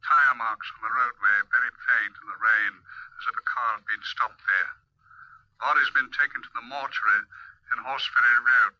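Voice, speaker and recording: An actor playing a brisk police officer giving an official report in an old radio drama. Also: male voice, medium pitch, fairly even intonation, dry recording, natural voice. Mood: businesslike. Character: clipped male police officer reporting by phone. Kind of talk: 1940s radio acting. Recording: dull, lo-fi, dry old radio recording.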